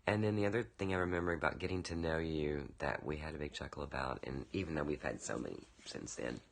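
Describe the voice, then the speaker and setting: A man's voice: extremely low pitch, fast, gravelly. A man recording a casual birthday video message for a friend, telling rambling anecdotes with lots of fillers into a webcam.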